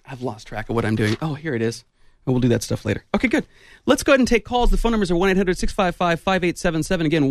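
A male radio host with a gravelly edge to his voice talks playfully, laughing easily. The sound is dry and close, with no room around it. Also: mid-range voice, no room sound. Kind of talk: casual radio chat.

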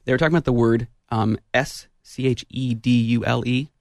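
A male radio host with a gravelly edge to his voice talks playfully, laughing easily. The sound is dry and close, with no room around it. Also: mid-range voice, fairly even intonation, fairly quick, no echo. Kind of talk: casual radio chat.

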